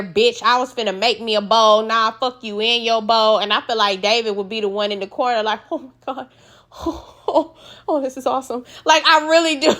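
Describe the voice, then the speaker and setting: A woman giving a casual, profane recap of a reality show, blunt and animated, acting out the people she talks about. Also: a little high. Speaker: recap host.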